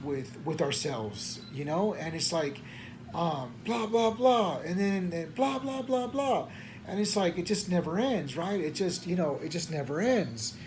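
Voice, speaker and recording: High-voiced man venting late at night. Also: a little mellow, slight background noise. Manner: frustrated, stammering restarts, slangy. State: tired at night. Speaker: preacher. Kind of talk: late-night rambling vent.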